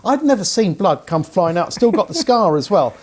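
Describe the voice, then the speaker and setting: A middle-aged man, a veteran shoemaker, telling anecdotes lively and with frequent laughter. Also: high voice, moderate pace, husky. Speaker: bespoke shoemaker guest. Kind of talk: casual storytelling chat.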